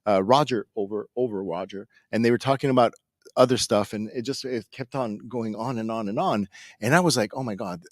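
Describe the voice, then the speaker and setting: A man co-hosting a live convention Q&A, telling stories in an animated way with fillers and laughs. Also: mid-range voice, a little fast, no room sound. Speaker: convention organizer co-host. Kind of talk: live stage Q&A chat. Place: stage in a convention hall.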